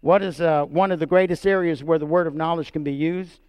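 A middle-aged man preaching a sermon as pastor, telling a family story and checking in with "right?" and "amen?", rising high and loud to stress points and dropping soft for quiet lines. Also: fairly even intonation, fairly quick, clear, resonant tone, dry recording. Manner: storytelling, repeats words, asks "right?" and "amen?" of the congregation.

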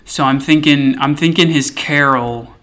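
A man talking casually while planning an improv scene, slow and hesitant with ums. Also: fairly high pitch, fairly even intonation, a bit bright.

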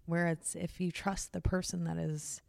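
A woman's voice: on the low side, flat delivery, moderate pace, vocal fry, no room sound. A woman talking frankly in a candid conversation, swearing freely and acting out what other people say. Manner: frank, swears freely, acts out quoted voices.

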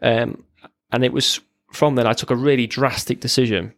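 A man's voice: mid-range voice, steady tone, moderate pace, creaky, no echo. A man, a military veteran, giving a raw, blunt personal account as a podcast guest, swearing freely and often restarting his sentences.

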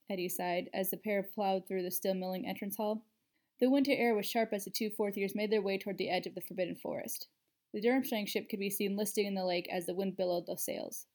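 A woman narrating a story aloud in a steady, even reading voice. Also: medium pitch, brisk.

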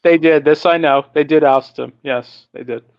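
A man's voice: a little high, steady tone, moderate pace, vocal fry, no room sound, muffled recording. A man co-hosting a casual sports podcast, blunt and opinionated, laughing as he rants. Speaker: podcast co-host.

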